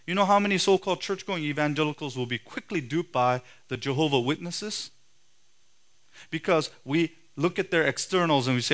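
A man preaching a sermon in a forceful, emphatic way, his voice swelling loud and then dropping low. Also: lively intonation, normal speed. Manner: forceful, emphatic preaching with sharp rises and drops in loudness.

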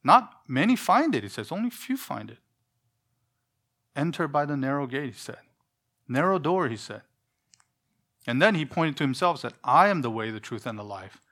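A man's voice: on the high side, very animated, normal speed, long pauses, a bit bright. A man preaching a sermon in an earnest, emphatic way, full of rhetorical questions.

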